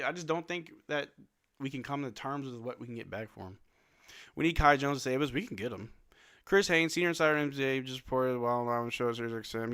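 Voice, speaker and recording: A man with a bright, forceful tone hosts a live watch-along stream late at night. He calls the plays in a blunt, casual way, slipping into flat dismay and then shouting out. The close mic keeps his voice dry. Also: medium pitch, no room sound. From New Zealand. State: yawning, sleepy late at night. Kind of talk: casual play-by-play and chat.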